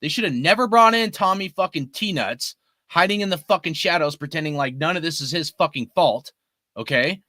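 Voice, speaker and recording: A man's voice: fairly high pitch, animated, moderate pace, pushed and bright, no room sound, studio quality. A man in his forties ranting about his team in a heated, profane way. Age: 40s. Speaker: sports fan commentator. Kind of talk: ranting fan commentary.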